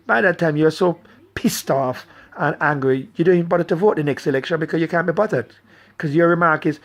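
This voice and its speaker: A man's voice: on the high side, fairly quick. A middle-aged man delivering a blunt, angry political rant straight to his viewers. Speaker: political commentator.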